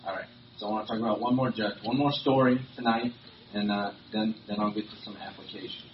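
A man's voice: fairly low pitch, fairly even intonation, fast talker. A man delivering a sermon in a conversational way, with many fillers and restarts. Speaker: preacher. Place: church or meeting hall. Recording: roomy, distant, dull lo-fi recording with faint hiss.

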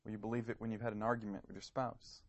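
A man's voice: on the low side, flat delivery, very fast, no room sound. Earnest male preacher, dry sound. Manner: earnest, searching questions, some stammered repeats. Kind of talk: sermon.

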